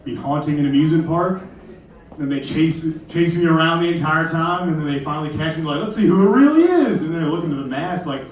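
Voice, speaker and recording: A man's voice: on the high side, steady tone, a little fast, slight background noise. A young man from Kentucky doing a stand-up comedy set, rambling and self-deprecating with apologetic asides. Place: comedy club stage. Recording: very echoey room from far off.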